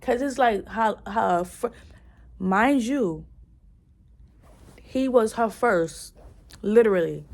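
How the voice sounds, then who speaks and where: A woman chatting casually in a book review, retelling scenes excitedly with lots of "like"s and restarts, and cursing bluntly. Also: medium pitch, slow pace, vocal fry, long pauses. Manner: blunt, curses freely.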